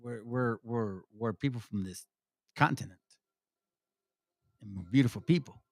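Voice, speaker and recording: A man's voice: medium pitch, unhurried, dry recording, studio quality. Angry, swearing man ranting over clips. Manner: angry, mocking, laughing, swearing heavily. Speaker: commentary channel host. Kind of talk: profane commentary rant over played clips.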